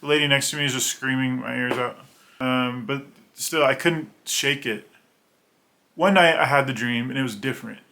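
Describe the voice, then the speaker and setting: A man in his thirties with a bright, forward tone talks to the camera in a loose, rambling way. He slips into quick voices for the people in his stories, then drops back into easy, plain chat. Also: medium pitch, creaky. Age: 30s. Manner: rambling, conversational, acts out voices in anecdotes. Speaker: children's book illustrator. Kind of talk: personal storytelling to camera.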